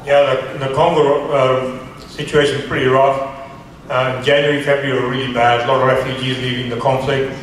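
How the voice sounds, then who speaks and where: A man, a charity founder, recounting a story in a radio interview in an earnest, halting way with many restarts. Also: mid-range voice, flat delivery. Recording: echoey room, far from mic, faint hiss.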